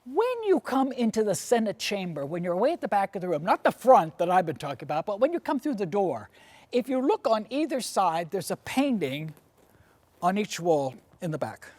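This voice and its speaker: Animated woman telling history stories. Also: medium pitch, normal speed. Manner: animated storyteller with rhetorical questions and frequent "you see". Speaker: lecturer and tour guide. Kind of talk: storytelling lecture.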